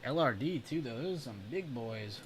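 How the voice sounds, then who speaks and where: A laid-back man hosting a livestream and reacting to his chat, laughing easily as he talks. His voice sits at an ordinary middle pitch. Faint music plays underneath him. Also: lively intonation, normal speed. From United States. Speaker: stream host.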